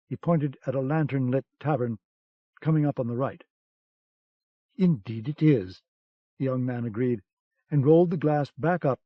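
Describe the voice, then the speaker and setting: A man's voice: medium pitch, no echo. Man narrating a thriller, muffled tape. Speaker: audiobook narrator. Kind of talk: scripted narration. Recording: dull cassette-era audiobook sound.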